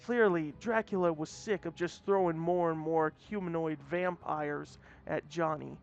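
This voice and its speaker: A man with a high voice reads a story aloud in a casual manner, often stumbling and restarting mid-phrase. The recording sounds muffled and lo-fi, with faint music in the background. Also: steady tone, unhurried, creaky. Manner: plain reading with frequent restarts. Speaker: story reader. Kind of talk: casual read-aloud narration. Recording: dull lo-fi audio, faint music.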